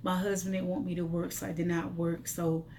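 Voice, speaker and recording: A woman's voice: on the low side, flat delivery, brisk, dark tone, a little hiss or hum. Emotional woman testifying in a storytime vlog. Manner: testifying, repetitive, speaks directly to viewers. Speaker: vlogger telling her life story.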